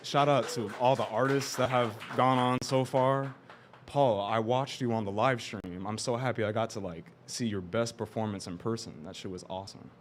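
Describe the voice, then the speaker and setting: A young man from Dallas with a Texan accent, chatting casually on stage before rapping, in a relaxed, laid-back way. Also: medium pitch, moderate pace, a little hiss or hum. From Dallas, Texas. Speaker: rapper performing at an open mic. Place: open mic venue, indoors. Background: hip hop backing music.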